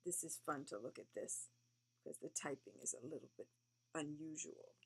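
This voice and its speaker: Sleepy low-voiced woman reading aloud. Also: moderate pace, breathy edge. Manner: gentle, chatty asides to a young listener. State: sleepy, yawning. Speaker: reader to a child. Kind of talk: reading a picture book aloud.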